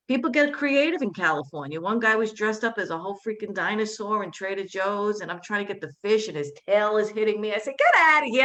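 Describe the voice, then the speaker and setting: A woman from Staten Island doing a stand-up comedy set, chatty, with quick asides and flat, low-voiced impressions of her family. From Staten Island, New York.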